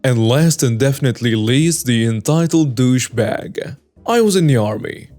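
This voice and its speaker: A man reading out a written story in an even, flat narration voice, with little change for the quoted people. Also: medium pitch. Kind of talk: scripted narration.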